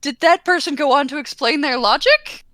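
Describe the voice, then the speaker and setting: A woman chats casually as podcast co-host, filling her speech with "like". Her voice is bright and forceful. The sound is dry and close. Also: sits high, moderate pace, no room sound. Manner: chatty, filler-heavy, giggly.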